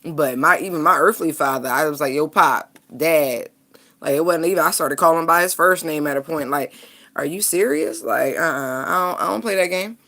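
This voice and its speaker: A woman's voice: low voice, a little fast, sharp tone. A woman giving a casual tarot reading, talking bluntly and frankly and laughing often. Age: adult parent. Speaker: tarot reader.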